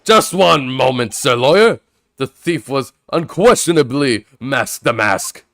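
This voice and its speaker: A man's voice: medium pitch, lively intonation, measured pace, vocal fry, a bit bright. A man voicing a pompous, self-admiring detective in a game, delivered in a grand theatrical way. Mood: haughty. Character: pompous grandstanding male detective, middle-aged.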